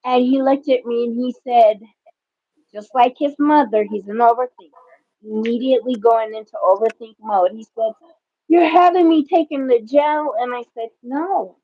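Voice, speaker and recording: A woman slowly telling an emotional personal story in a casual chat. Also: a little high, fairly even intonation, no room sound. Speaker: guest. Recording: dull lo-fi dry audio.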